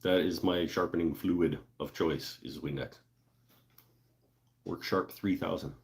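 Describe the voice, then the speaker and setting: This livestream host has a very low, steady, slightly mellow voice and speaks a little slowly. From his woodworking shop he reads viewer comments in a loose, laid-back, joking way, full of fillers, laughs, and asides to the audience.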